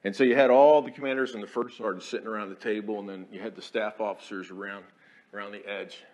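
A man, an Army chaplain preaching a folksy, storytelling sermon in a church, dropping to quiet asides and rising to loud declarations. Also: fairly low pitch, steady tone, quick pace. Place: church sanctuary.

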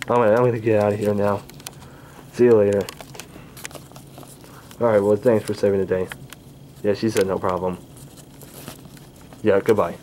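Imagine a man playing a laid-back sidekick with a voice dropped low and kept soft and quiet. He sounds easygoing and unhurried. There is a faint hiss behind him. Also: flat delivery, close to an everyday voice. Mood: relieved.

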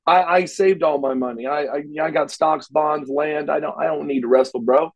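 Animated man telling wrestling stories. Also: fairly high pitch, moderate pace, vocal fry, poor audio. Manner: animated storyteller acting out dialogue, frequent restarts. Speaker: interview guest, former wrestler. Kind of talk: casual storytelling interview.

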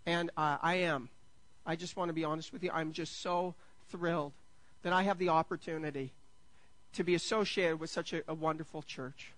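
A man, preaching a sermon as pastor. He is jokey and self-deprecating, stumbles over restarts, and builds to excited peaks. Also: fairly high pitch, normal speed, dry recording, rough recording.

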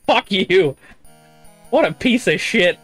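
A man's voice: on the high side, fairly bright tone. A man live-streaming a game, chatting casually, reading chat aloud and swearing often. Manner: profane, rambling, reads chat aloud.

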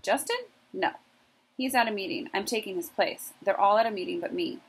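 A woman voicing a big young male guard rat, blunt, loud and rude, with a husky, gravelly voice. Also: medium pitch, fairly quick, poor audio. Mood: stern.

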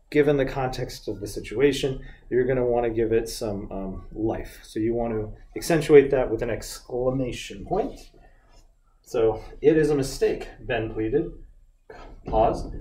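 A man's voice: mid-range voice, warm tone. A man teaching English, walking through grammar corrections in a patient way. He often stops to correct his own small slips. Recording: echoey room with faint background noise.

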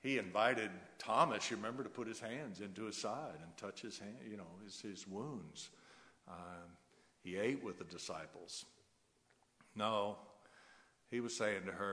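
A man preaches from the pulpit in a fairly low voice, building his points in rhythmic, emphatic repetitions and breaking into soft chuckles. The sanctuary adds a long reverb that hangs after each phrase. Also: measured pace. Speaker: pastor. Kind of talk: sermon. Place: church sanctuary.

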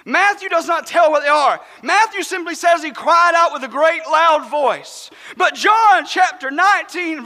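A man's voice: very high voice, bright, forceful tone. A man preaching a sermon in a church, speaking with fervent emphasis. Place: church sanctuary. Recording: long church reverb.

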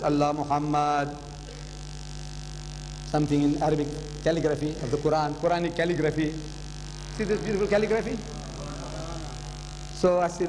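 An older man addresses a live audience in a lecture hall, his voice sitting noticeably high. He tells his story dramatically, repeating phrases for weight. The sound carries a long hall reverb and a faint electrical hum. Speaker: public lecturer.

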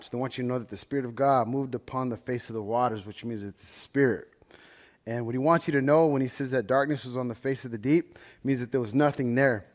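A man's voice: mid-range voice, fairly quick, darkish tone. A young man teaching a Bible study in a casual, conversational way, explaining scripture with everyday examples and asides. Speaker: pastor.

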